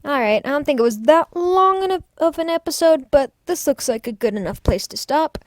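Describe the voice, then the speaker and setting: A woman's voice: high voice, expressive, a little fast, no echo. A woman giving casual commentary as she plays a game, chatty and easily distracted. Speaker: gaming channel host.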